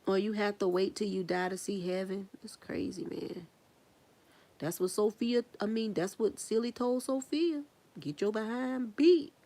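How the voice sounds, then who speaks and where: A woman's voice: mid-range voice, moderate pace, dark tone. A woman streaming live as she paints, chatting casually, rambling through her thoughts and asking viewers questions. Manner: rambling, musing aloud, laughs at her own thoughts; talks straight to viewers, asking them questions. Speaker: artist live streaming while painting earrings. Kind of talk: casual livestream chat.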